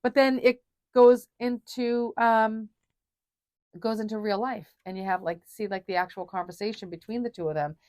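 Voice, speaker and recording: A woman in mid pitch talks eagerly in a relaxed film chat and slips into the characters as she retells scenes. Her voice is close and dry, with no room sound around it. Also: normal speed, no room sound. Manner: chatty, enthusiastic, acts out film scenes. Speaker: podcast co-host. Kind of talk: casual film discussion.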